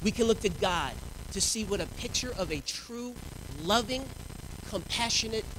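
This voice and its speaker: A man in his thirties preaching a sermon in a church, telling lively stories about his family. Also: high-pitched, normal speed, noisy background. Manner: lively storytelling with family anecdotes. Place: church sanctuary.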